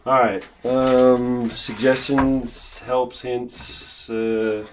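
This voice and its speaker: A man on a casual livestream as a guest, cracking deadpan jokes. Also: medium pitch, very slow, a little hiss or hum. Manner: deadpan joker.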